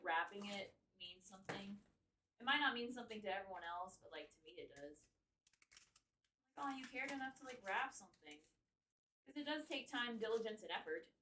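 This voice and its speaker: Casual woman streamer wrapping presents, swears lots, goofy put-on accent, sharp voice, faint hiss in the background. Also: medium pitch, recorded from a distance. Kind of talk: casual live-stream chat while wrapping gifts. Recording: roomy echo, speaking away from the mic.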